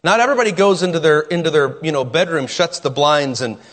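A man's voice: on the high side, fast talker, fairly bright tone, long reverb tail. A man preaching a sermon as pastor, emphatic and full of rhetorical questions, often restarting his sentences.

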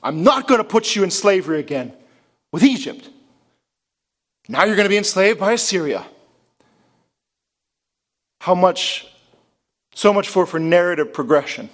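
Impassioned high-voiced male preacher. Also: lively intonation, normal speed, long pauses. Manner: preaches with rhetorical questions, impassioned. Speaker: pastor. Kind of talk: sermon.

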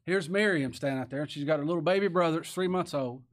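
Guy preaching, folksy, keeps asking the church questions, kinda high voice. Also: fast talker. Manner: folksy, rhetorical questions, chuckles to himself. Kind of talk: sermon.

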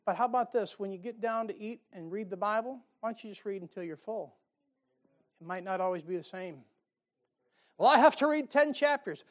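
A man's voice: high-pitched, brisk. A man preaching a sermon in a church, folksy and conversational, building to emphatic outbursts. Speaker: pastor. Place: church sanctuary.

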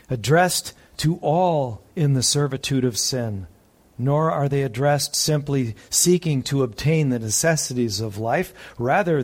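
A male pastor delivering a sermon at an unhurried, measured pace. He reads scripture aloud with emphatic pauses, his voice sitting in an ordinary middle register. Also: mid-range voice.

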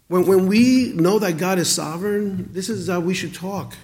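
A man in his forties delivers a sermon in a fairly high voice. He is earnest and often stammers through restarts before landing his point, rising loud, then dropping quiet. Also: moderate pace, few pauses. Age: 40s. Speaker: pastor.

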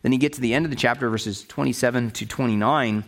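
A man's voice: medium pitch, fast talker. Male Bible teacher, casual lecture delivery, plain paraphrase, frequent check-ins with the class. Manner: conversational, checks in with "right?" and "okay?"; explains in plain paraphrase with restarts.

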